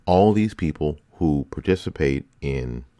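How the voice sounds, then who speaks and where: Male show host, extremely low voice, dry close sound, fervent repetitive rhetoric. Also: animated, unhurried, dark tone, no echo. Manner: impassioned, repetitive rhetorical questions. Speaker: political commentary host. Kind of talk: opinion monologue.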